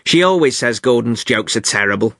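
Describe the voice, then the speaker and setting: A man hosting a scripted learner podcast, speaking clearly and with light amusement. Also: mid-range voice, animated, a little fast, a bit bright, no echo, clean studio sound. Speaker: podcast host.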